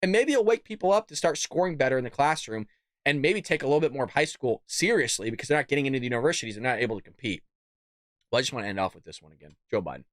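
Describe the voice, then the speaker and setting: A man's voice: fairly high pitch, a bit bright, no echo, clean studio sound. A man hosting a political commentary show, ranting bluntly and cussing. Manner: blunt, fired-up, cusses. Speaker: host.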